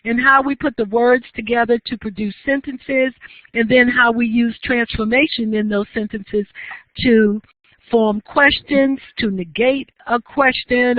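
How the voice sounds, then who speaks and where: A woman lecturer talks her class through the material in a steady, explanatory way and stops to ask the students questions. Her voice is dry and close, with no room around it. It comes through a narrow, tinny, phone-like channel. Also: a little high, no echo. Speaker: university lecturer.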